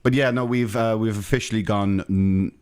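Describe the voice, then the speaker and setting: A man's voice: on the low side, fairly even intonation, moderate pace, a little mellow, clean tone. A man co-hosting a podcast, joking and rambling through casual banter with lots of restarts. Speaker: podcast co-host. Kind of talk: casual chat.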